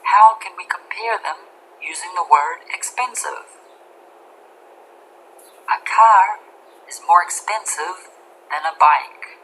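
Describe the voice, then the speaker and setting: A woman reads a scripted grammar lesson in a low-set voice, slow and deliberate. She spells out letters one by one, and faint noise sits behind her. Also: pushed and bright, rough recording. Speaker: English grammar narrator.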